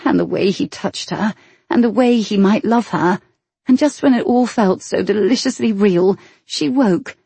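A woman narrating an audiobook novel in a measured, expressive way. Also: lowish voice, husky, dry recording. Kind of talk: scripted narration.

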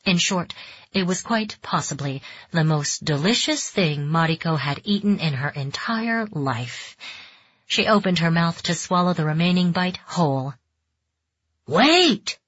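Low husky woman narrating a story. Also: unhurried, no room sound. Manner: calm, even storytelling. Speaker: audiobook narrator. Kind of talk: scripted narration. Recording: dull dry audiobook recording.

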